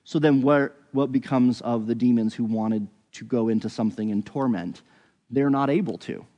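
A man's voice: mid-range voice, normal speed, warm tone, long reverb tail. A man giving a conversational Bible teaching, thinking aloud with frequent restarts and hedges.

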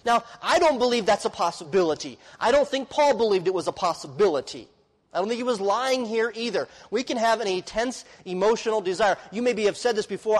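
A man preaching a sermon with earnest intensity, swinging from loud emphasis to hushed, quiet passages. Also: high-pitched, expressive, fast, long reverb tail, rough recording. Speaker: pastor.

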